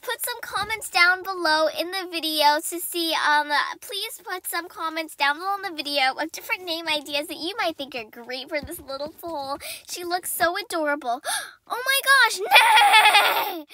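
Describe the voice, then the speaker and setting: Woman, game role-play host, excitable, gushing, very high voice, bright tone, talks to viewers. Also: moderate pace, a little hiss or hum. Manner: gushing, excitable, gasping and squealing. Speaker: channel host and player.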